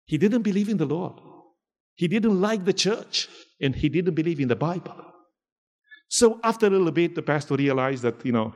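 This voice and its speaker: A man preaching, telling a story slowly and deliberately, repeating words for emphasis. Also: fairly high pitch. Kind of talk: sermon storytelling.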